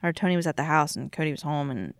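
A woman's voice: low voice, racing, vocal fry, no echo, clean studio sound. A woman in her thirties in casual chat as a podcast host, telling stories animatedly and acting out quotes. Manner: animated storytelling, acts out quotes loudly.

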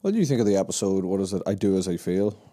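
A man's voice: deep voice, very fast, warm tone. A man co-hosting a podcast in casual chat, blunt and teasing in short remarks. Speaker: podcast co-host.

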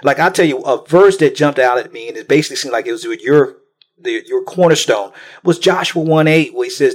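A man's voice: fairly high pitch, brisk. A man hosting a podcast, who affirms his guest and eagerly quotes scripture. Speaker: podcast host. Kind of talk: podcast interview.

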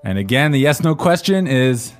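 A man's voice: medium pitch, big pitch swings, moderate pace, soft background music. Man co-hosting a language lesson. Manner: prompting questions, recapping in plain English. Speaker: co-host.

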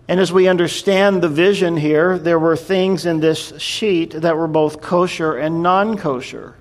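A man's voice: a little high, measured pace, few pauses. A man preaching a sermon, retelling and explaining scripture in a conversational storytelling way. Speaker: pastor.

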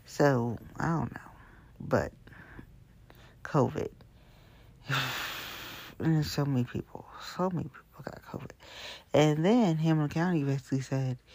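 A gravelly show host with a slightly husky, breathy edge rambles through the day's news in loose, chatty talk. The delivery wanders from point to point and keeps slipping into quiet, hushed asides. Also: medium pitch, no echo. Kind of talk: casual news chat. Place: Hamilton County area.

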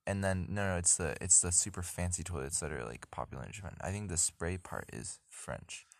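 A man's voice: low-pitched, fairly quick, no echo, studio quality. A young man in casual chat, rambling with many restarts and often laughing. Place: blanket fort.

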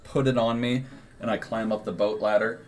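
A low-voiced man at a tabletop game, casual and blunt, with frequent swearing. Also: fairly even intonation, normal speed, darkish tone. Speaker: player.

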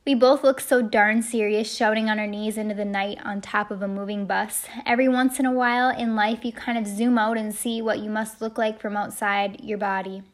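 Woman narrator, first-person audiobook, heartfelt, mid-pitched voice. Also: fairly even intonation, normal speed, hardly any pauses. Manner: heartfelt storytelling, shouting the quoted lines.

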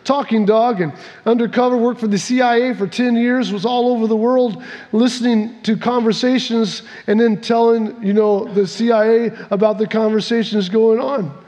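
A small talking dog bragging about his spy days in a slow, matter-of-fact way, as a preacher puts him on in a joke. The voice sits high, and long reverb from a big church room trails behind it. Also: steady tone, darkish tone. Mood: boastful.

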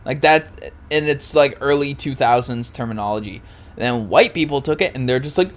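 Podcast dude rambling and laughing, swears a bunch, super casual. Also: male voice, medium pitch, fairly quick. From Oregon, US. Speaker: podcast co-host.

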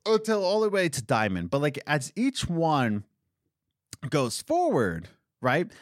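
A young man chatting excitedly on a gaming podcast, his pitch swinging widely from high to low as he rambles along. The sound is dry and close to the mic, with no room echo. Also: takes it slowly. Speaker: podcast co-host. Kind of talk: casual podcast chat about video games.

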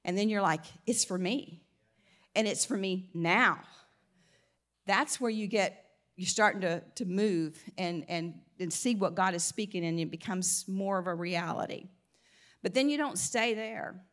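A woman's voice: medium pitch, normal speed. A woman with a slight Southern US twang giving an informal Christian teaching, chatty, restarting her phrases and laughing often. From American South. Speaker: Christian speaker.

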